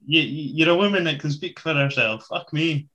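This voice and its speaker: A man's voice: a little high, animated, a little fast, sharp tone. A man co-hosting a casual wrestling recap chat, laid-back, joking and swearing often. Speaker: podcast co-host.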